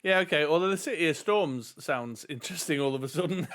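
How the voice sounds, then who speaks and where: Male stream player, fairly high voice, chatty and excitable. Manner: excitable, chatty, quick reactions. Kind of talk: casual live-stream chat while playing.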